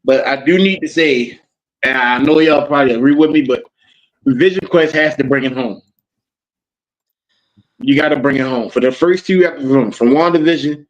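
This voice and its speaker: A man in a mid-range voice talks steadily on a podcast and presses his points home. His audio sounds dull and lo-fi. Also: medium pitch. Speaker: podcast co-host. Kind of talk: casual chat.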